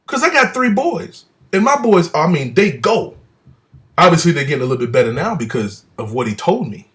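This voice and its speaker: Man, home setting, animated personal testimony, voice sits a bit high, shifts from loud bursts to quiet asides. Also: fairly quick. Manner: storytelling, acts out quoted voices, swings loud and soft. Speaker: speaker recounting a church visit.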